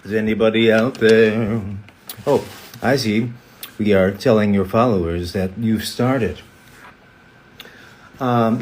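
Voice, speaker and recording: A man chatting casually on a live stream, reading fan comments aloud and answering them one by one. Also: lowish voice. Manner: reads comments aloud, answers chattily, breaks into quick character voices. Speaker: voice actor hosting a live fan Q&A.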